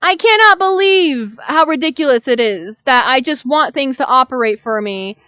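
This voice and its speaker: A woman's voice: high voice, lively intonation, moderate pace, sharp tone, clear, resonant tone, dry recording. A young adult woman streamer venting in an exasperated, profane rant. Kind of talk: venting live-stream chat.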